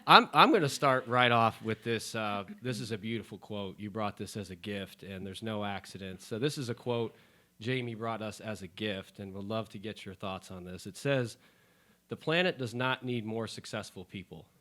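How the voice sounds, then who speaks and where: A man co-hosting a podcast in a studio, talking casually and enthusiastically in quick bursts. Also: fairly low pitch, sharp tone. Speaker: podcast co-host. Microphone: studio microphone.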